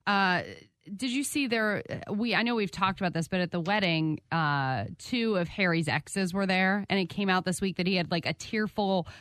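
A woman's voice: mid-range voice, normal speed, few pauses, a bit bright, no room sound. A woman co-hosting a morning radio show, chatting in an easygoing way. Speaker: radio co-host. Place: radio studio.

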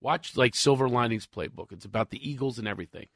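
Philly accent guy, comedian on a talk show, gravelly and bright, tells stories in quick punchlines. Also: medium pitch, no echo, studio quality. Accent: Philadelphia. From Philadelphia, USA. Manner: punchy joke-telling, animated storytelling. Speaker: comedian guest. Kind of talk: studio chat with comic stories.

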